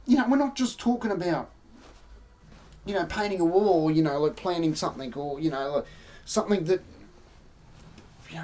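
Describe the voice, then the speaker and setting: Rambling Australian woman streamer, mellow. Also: lowish voice. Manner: rambling, opinionated, answers chat. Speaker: livestream host. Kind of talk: casual live-stream commentary.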